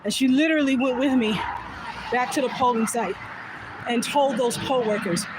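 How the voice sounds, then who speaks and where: A woman's voice: on the high side, moderate pace, background noise. A woman telling a personal story in a vlog, candid and laughing often, recorded on a phone in a car. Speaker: vlogger.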